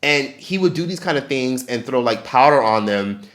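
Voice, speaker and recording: A man's voice: mid-range voice, expressive, moderate pace, a bit bright, a little hiss or hum. A man hosting a casual opinion rant, blunt and profane, talking straight at his audience. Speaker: commentary host.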